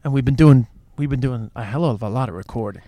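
An Irish man co-hosts a podcast from inside a moving car, with traffic and trains audible around him. His voice is medium-pitched, dark and fast, and the recording itself is dry. He chats casually in loose phrases that he keeps restarting.

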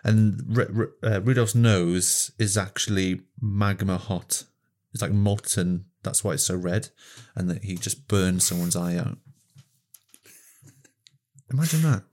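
Man, low voice, film podcast host, animated riffing. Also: a little slow. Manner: animated, spins ideas. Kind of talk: casual film chat.

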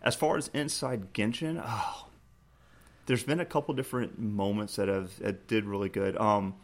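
Low-voiced man telling a game story. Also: moderate pace, gravelly. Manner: animated storytelling, many restarts, acts out game prompts. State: choked up, laughing. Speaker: podcast co-host. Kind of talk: casual podcast chat.

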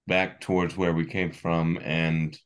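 Deep slow halting player. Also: male voice, little pitch movement, clean tone. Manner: hesitant, halting with many fillers. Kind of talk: in-character tabletop role-play.

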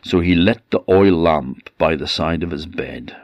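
A man with an Orcadian Scottish accent telling a traditional ghost story with slow, dramatic pauses. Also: low voice, vocal fry, dry recording, highs cut off. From Orkney, Scotland.

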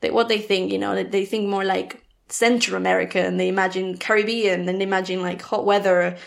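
A woman with a mild Argentinian accent talks as a podcast guest. She is chatty and animated and laughs often as she talks. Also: mid-range voice, brisk, gravelly. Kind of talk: casual interview chat.

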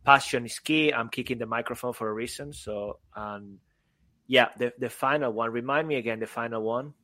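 A man's voice: mid-range voice, moderate pace, pushed and bright. Male podcast co-host, enthusiastic and joking, laughs a lot. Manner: enthusiastic, playful, laughs often. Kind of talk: casual podcast chat.

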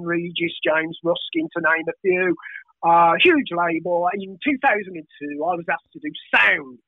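A man's voice: high-pitched, dry recording. A middle-aged man with a Birmingham accent, chatting in a hyper, rambling way, swearing a lot and asking "you know what I mean?" over and over. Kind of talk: casual podcast chat. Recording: tinny phone-like line, dry.

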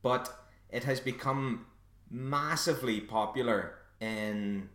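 A man's voice: medium pitch, slow, a bit bright. A Northern Irish man hosting a solo podcast, telling a story in a wry, self-deprecating way. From Northern Ireland. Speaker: podcast host. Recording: roomy echo.

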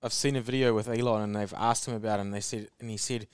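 A man co-hosting a podcast, relaxed, adding short remarks and laughing along. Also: on the low side, quick pace, smooth, no room sound, clean studio sound. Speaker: podcast co-host. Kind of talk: casual podcast chat.

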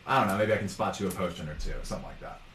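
A man's voice: deep voice, rapid-fire, fairly bright tone, voice pushed down. Guy doing a nervous stammery mom, protective of her kid, roomy far-off sound. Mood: earnest. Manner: hesitant, rambling, stammering. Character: worried protective single mother innkeeper. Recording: roomy, distant mic, faint noise.

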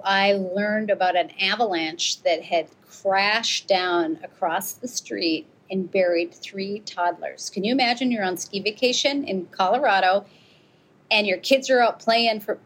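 A woman's voice: medium pitch, low-quality recording. A middle-aged American woman, an avalanche rescuer and author, telling her story in an interview and acting out the quoted exchanges. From United States. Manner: animated, acts out quoted exchanges.

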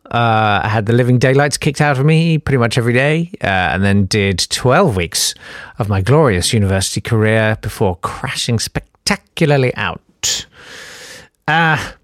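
A man's voice: lowish voice, no room sound. A middle-aged man with a posh southern English accent, telling a rambling, dry, self-deprecating story and hesitating often. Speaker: comedian. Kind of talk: rambling anecdotal monologue.

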